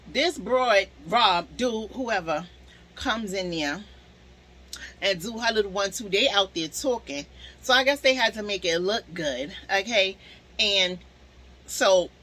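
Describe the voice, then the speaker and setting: A young woman telling a storytime to her viewers in a casual, animated way, swearing freely. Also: mid-range voice, measured pace, pauses often, low-quality recording.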